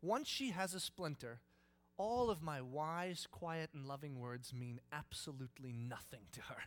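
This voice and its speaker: An animated preacher in his thirties tells a story from the pulpit, swinging from quiet asides to loud acted-out lines. His speaking voice sits a little high for a man, and he laughs as he goes. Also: measured pace. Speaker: pastor. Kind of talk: sermon storytelling.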